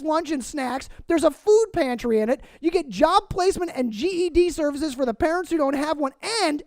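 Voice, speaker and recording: Male sports podcast host, very high pitched, dry, energetic hype style with rambling chat. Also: no room sound. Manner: energetic hype announcer intro, then rambling chatty storytelling. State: a little out of breath. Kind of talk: sports talk radio banter. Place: home studio near Lake Washington.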